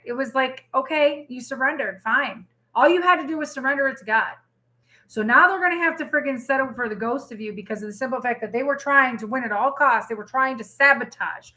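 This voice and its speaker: A woman giving a casual livestream tarot reading, animated and exclamatory, swearing freely. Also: high voice. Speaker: tarot reader.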